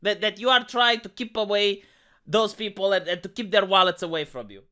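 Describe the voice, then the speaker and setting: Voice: medium pitch, a little fast, pushed and bright. A YouTuber giving an emphatic, profane and sarcastic rant in a video commentary.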